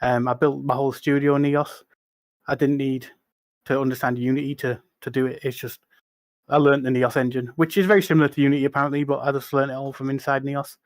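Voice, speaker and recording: A man's voice: mid-range voice, level tone, fast, no echo. A man speaking as a guest on a casual podcast, with an ordinary mid-range voice. He explains things earnestly, step by step. The sound is dry and close to the mic.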